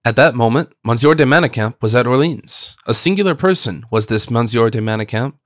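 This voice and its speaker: A man narrating a classic novel as an audiobook in a measured, even reading. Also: medium pitch, dry recording, clean studio sound. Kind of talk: scripted narration.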